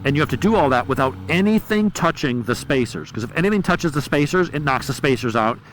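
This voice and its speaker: A motorcycle vlogger rides outdoors with a helmet mic, loud wind and road noise filling the rough recording. His slightly high voice is expressive and fast as he chats bluntly and profanely, rambling through stories.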